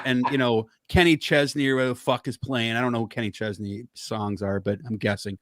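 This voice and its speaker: A man's voice: medium pitch, a little fast, hardly any pauses, crowd noise. A man on a podcast, telling a story in heated, profane casual chat.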